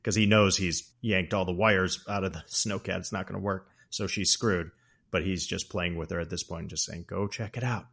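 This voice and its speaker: A man with a somewhat low voice hosts a casual film podcast. He retells the scenes with animated energy. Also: normal speed, creaky. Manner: animated storytelling, acts out quotes. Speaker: podcast host.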